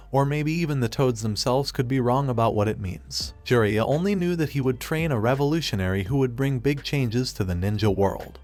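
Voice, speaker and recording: Man reading fan fiction aloud, flat steady read, mid-pitched, faint music in the background. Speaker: narrator. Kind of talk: fan fiction story narration.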